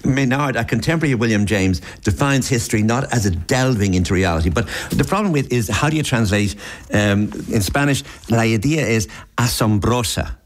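A man's voice: on the low side, normal speed. A man in a literary discussion, musing aloud and turning phrases over, often restarting his sentences.

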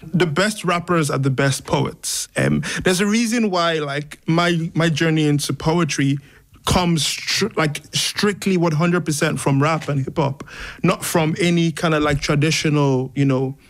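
A man from Nigeria speaks as a guest poet and musician, in a slightly high voice. He answers casually and laughs easily, dropping in "like" as he thinks aloud. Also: unhurried. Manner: laughs often, says "like" a lot.

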